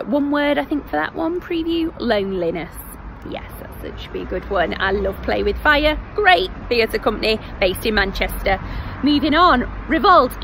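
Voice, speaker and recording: A woman's voice: on the high side, gravelly. A woman with a Northern English accent, chatting casually as she recommends shows in a vlog, with self-deprecating asides. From North West England. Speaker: theatre vlogger. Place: outdoors by a road. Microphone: phone at arm's length. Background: traffic.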